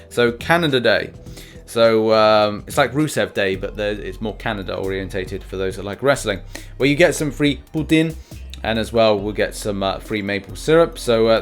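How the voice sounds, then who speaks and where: A male host giving casual commentary on game news, rambling and full of "uh"s and restarts. His voice sits at an ordinary middle pitch. Faint music plays behind him. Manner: chatty, rambling, many fillers and restarts. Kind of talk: casual gaming news commentary over gameplay.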